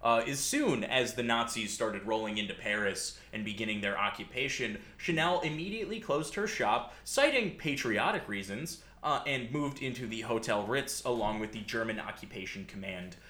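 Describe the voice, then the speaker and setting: A man's voice: medium pitch, lively intonation, moderate pace, hardly any pauses, sharp tone. Sardonic man telling history in an echoey room. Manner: sardonic asides, frequent "uh". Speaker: podcast host telling a history story. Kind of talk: casual storytelling from notes.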